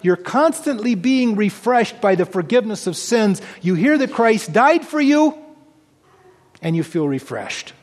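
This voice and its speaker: A pastor with a notably high voice preaches a sermon, reading scripture aloud and explaining it with earnest conviction. His pitch swings widely and his pace is a little slow. A long reverb makes his voice ring out as though in a large hall.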